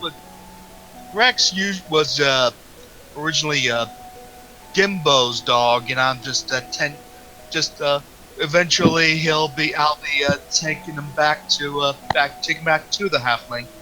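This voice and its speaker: Man, player, higher voice, very slow, halting, full of fillers. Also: pushed and bright, soft background music, low-quality recording. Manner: hesitant, halting, many restarts. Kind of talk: casual tabletop play.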